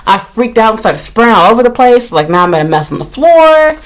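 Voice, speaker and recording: A young-sounding woman chats to camera from her small apartment, rambling and swearing as she goes. Her voice swings wildly, dipping low and grumbly one moment, then shooting up into a squeal when she gets worked up. It is loose, unscripted vlog talk full of fillers. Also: fairly quick. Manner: animated, rambling, heavy use of "like", swears freely; shrieks and jumps high when retelling her panic. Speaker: vlogger. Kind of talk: casual rambling vlog monologue.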